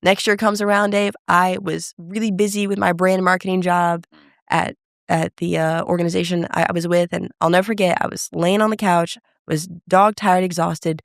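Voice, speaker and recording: A woman telling her story as a podcast guest, with a slightly gravelly edge in her voice. She brings the quoted dialogue to life as she goes. The sound is dry and close. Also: lowish voice, moderate pace, dry recording. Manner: animated storyteller who acts out quoted dialogue. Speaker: emcee and keynote speaker, guest.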